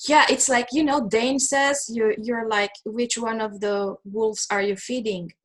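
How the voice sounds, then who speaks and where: A woman hosting a conversational video call, animated and self-deprecating, often quoting others. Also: a little high, unhurried. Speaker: host.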